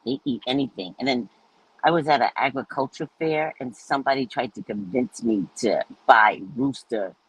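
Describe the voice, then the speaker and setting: A woman's voice: very deep voice, moderate pace, slightly rough, poor audio. A woman hosting a live stream, chatting casually and telling stories with frequent laughter. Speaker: host of live readings.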